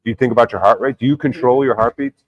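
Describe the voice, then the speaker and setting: In a rapid-fire, medium-pitched voice over lo-fi audio, a man hosts a livestream, reading chat aloud. He argues insistently and swears a lot in a casual, profane rant.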